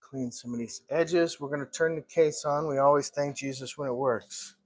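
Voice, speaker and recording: A man who runs a gelato shop, chatting casually on a live stream as he works and often clearing his throat. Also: a little high, moderate pace. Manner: chatty, talks to himself while working, clears throat often. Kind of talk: casual live-stream chat while working. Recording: clear background noise with clicks.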